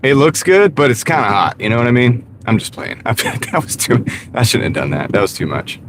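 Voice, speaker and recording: Very animated and a little fast, a mid-range male voice comes from a gig delivery driver streaming live in his car, where road noise is audible. He chats loosely, pokes fun at himself, and addresses his chat by name.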